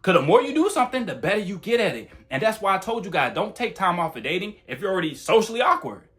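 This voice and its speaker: Fast, blunt young man with lively pitch. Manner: blunt, profane, talks fast. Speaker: YouTuber giving dating advice. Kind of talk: casual monologue to camera.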